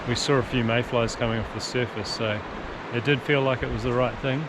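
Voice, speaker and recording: Host, NZ-accented man, mid-pitched, chatty outdoor commentary over loud wind noise. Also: fairly even intonation, fairly quick. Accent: New Zealand. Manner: chatty, running commentary on the fishing. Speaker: host of a fishing show. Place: outdoors by a river, windy.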